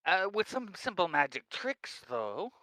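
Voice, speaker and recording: A man's voice: sits high, big pitch swings, a little slow, pushed and bright, no room sound, low-quality recording. A man playing a tabletop game, thoughtfully laying out a plan. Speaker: player. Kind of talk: casual tabletop role-play.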